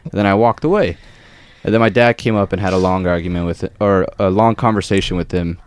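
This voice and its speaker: A fast, clean-toned, low-pitched young man shares a work anecdote while co-hosting a podcast. His casual storytelling is profane and lively, with quotes acted out.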